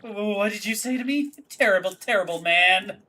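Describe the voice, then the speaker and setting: A woman voicing a lovestruck young female creature in a video game, pleading in a high, melodramatic way. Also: moderate pace, pushed and bright, slight background noise, lightly acted.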